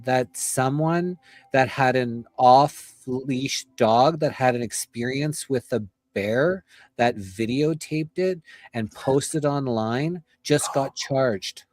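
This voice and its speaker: A relaxed man chatting at a middle pitch, tripping over his words and starting over. His voice comes through close and dry. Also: no room sound. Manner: easygoing, stumbling restarts. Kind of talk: casual chat.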